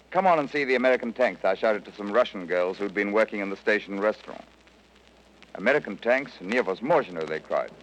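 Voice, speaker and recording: Man, low voice, old radio recording. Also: a bit bright. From Britain. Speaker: released prisoner of war giving a radio account. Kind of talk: scripted first-person radio account. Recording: dull archival radio recording.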